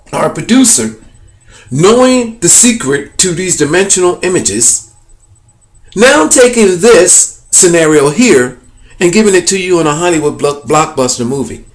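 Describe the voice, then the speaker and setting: A man excitedly pointing out hidden faces in pictures to his viewers, rambling with many fillers and repeats. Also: sits high, a little slow. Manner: addresses viewers as "people". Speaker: video host. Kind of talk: excited conspiracy commentary over images.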